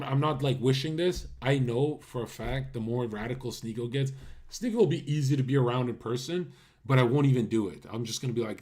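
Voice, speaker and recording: A male streamer speaking in a husky, slightly rough voice at a middle pitch. He talks bluntly and mockingly, ranting at his viewers in casual livestream commentary. The voice comes close and clear through a condenser mic. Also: darkish tone. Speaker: livestream host. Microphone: USB condenser mic.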